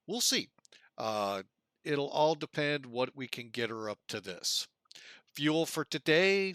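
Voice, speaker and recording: Man hosting a relaxed sim stream, unhurried folksy chatter, bright voice, dry close sound. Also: mid-range voice, dry recording. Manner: chatty, addresses viewers as folks. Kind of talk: casual live-stream narration.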